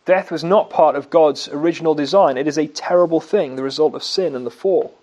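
A man preaching a sermon, asking his listeners questions and answering them himself, and slowing down to stress key words. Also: a little high, mellow. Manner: slow, emphatic delivery on key words.

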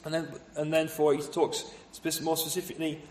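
A man's voice: fairly high pitch, flat delivery, fairly quick, darkish tone, reverberant, slight background noise. A man preaching a sermon, explaining scripture with rhetorical questions and acting out the voices of townspeople.

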